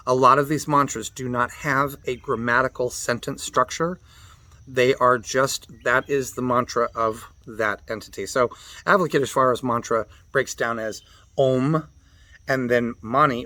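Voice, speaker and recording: A man teaching mantra practice, patiently explaining and spelling out pronunciations, chanting the syllables slowly, with loose fillers and restarts. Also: medium pitch, sharp tone, dry recording. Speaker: meditation teacher.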